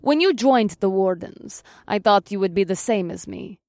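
A woman's voice: medium pitch, animated, moderate pace, darkish tone, dry recording, clean studio sound, natural voice. Woman doing a haughty Russian superheroine. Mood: scheming. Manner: haughty, disdainful. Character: vain, self-centered Russian superheroine, adult woman. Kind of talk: audiobook character voice.

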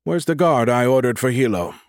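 A man's voice: medium pitch, sing-song, normal speed, breathy edge, no room sound, studio quality, voice pushed up. A man voicing a formal, suspicious male official who speaks in a clipped, proper way. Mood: demanding.

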